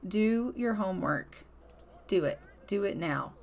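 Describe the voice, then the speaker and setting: A woman's voice: medium pitch, lively intonation, a little slow, creaky, darkish tone. A woman hosting a casual let's-play, exasperated and scolding her game characters, and speaking their thoughts aloud for them. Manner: voices characters' thoughts in quotes. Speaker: gaming channel host.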